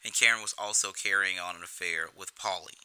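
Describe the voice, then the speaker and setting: A man's voice: low-pitched, fairly even intonation, brisk, pushed and bright, clean tone, dry recording, poor audio. A man giving casual film commentary in a profane, rambling way, often restarting his sentences.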